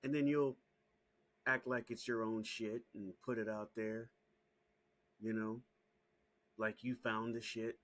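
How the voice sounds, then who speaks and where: A man hosting his own small channel, ranting straight to camera in a heated, profane, repetitive way that climbs into shouting. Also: lowish voice, little pitch movement, slow, long pauses. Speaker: small YouTube channel host. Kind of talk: casual direct-to-camera rant.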